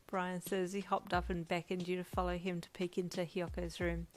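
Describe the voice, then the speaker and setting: A woman reading a second-person fan fiction audiobook in a steady, soft storytelling manner. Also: fairly low pitch, fairly quick, slight background noise. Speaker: fanfiction reader.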